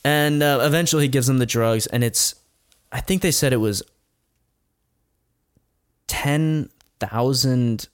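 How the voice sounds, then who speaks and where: A man casually retelling a documentary's story, swearing often and laughing as he talks. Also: medium pitch. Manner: profane, laughing, animated retelling. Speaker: commentator recapping a documentary.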